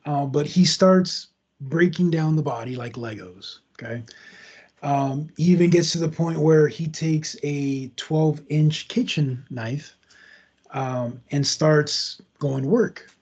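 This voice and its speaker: A man's voice: on the high side, slow pace, a little mellow, husky, muffled recording. A man hosting a podcast, casually retelling a true crime story in a loose, conversational way with asides. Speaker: podcast host.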